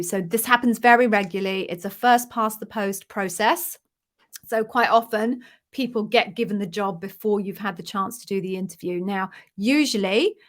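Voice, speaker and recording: A middle-aged woman coaching job candidates, talking straight to the camera in a relaxed question-and-answer format. Her voice sits at an ordinary pitch for a woman. She sounds frank, chatty and encouraging as she walks through her advice. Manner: direct, conversational, reassuring advice. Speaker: interview coach. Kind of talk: casual Q&A answering viewer questions.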